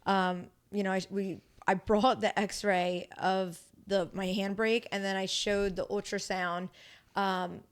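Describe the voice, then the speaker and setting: A young woman chats on a podcast, with a smooth, clear voice. She tells her story with animation, acting out what others said and swearing freely. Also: mid-range voice, level tone, slow. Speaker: podcast guest, grappler. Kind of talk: casual podcast chat.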